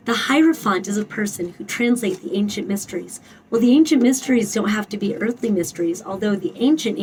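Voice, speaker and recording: A woman's voice: medium pitch, a little mellow, recorded from a distance, slight background noise, poor audio. A woman giving a spoken tarot reading, emphatic and blunt, swearing freely and repeating her phrases. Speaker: tarot reader.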